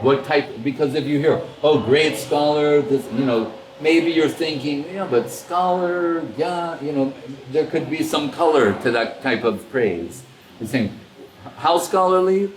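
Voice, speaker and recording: Man, spiritual teacher, casual storytelling talk, animated, roomy echo, faint background hum. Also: mid-range voice. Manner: animated storyteller, acts out quoted dialogue, chuckles.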